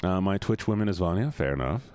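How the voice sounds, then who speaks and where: Lively, playful male streamer. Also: deep voice, quick pace, a little hiss or hum. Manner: excitable, playful, teasing chat. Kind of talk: casual live-stream chat.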